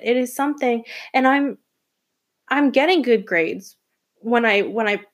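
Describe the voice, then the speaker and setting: A young woman from Atlanta hosting her own student podcast, talking emotionally and rambling with restarts and laughs. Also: fairly high pitch. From Atlanta, Georgia. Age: young adult. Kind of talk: casual solo podcast monologue.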